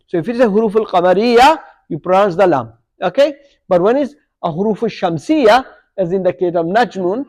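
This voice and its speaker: A man teaching an Arabic grammar lesson to a live class, quizzing students and checking in with "okay?" and "yeah?" as he goes. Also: sits high. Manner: corrects his own slips aloud.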